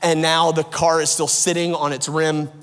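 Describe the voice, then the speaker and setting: A man preaching a sermon as a pastor, telling a story in a lively, self-mocking way and acting out what people said. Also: fairly high pitch, moderate pace, smooth, faint music behind. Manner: animated and self-mocking, acts out quotes, laughs often. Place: large church hall. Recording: long hall reverb.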